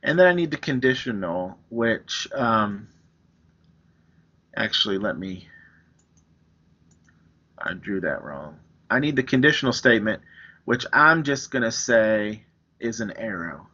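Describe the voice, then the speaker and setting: A man's voice: on the low side, sing-song, a little slow, pauses often, sharp tone, highs cut off. A man teaching a recorded math lesson, explaining step by step with everyday examples. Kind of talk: recorded lecture, writing on screen.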